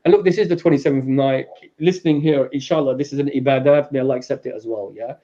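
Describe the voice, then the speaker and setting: A man with a London accent explaining at length on a podcast, acting out quoted people in raised, animated voices. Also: mid-range voice, quick pace, muffled recording. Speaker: guest speaker. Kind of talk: podcast discussion, lecturing.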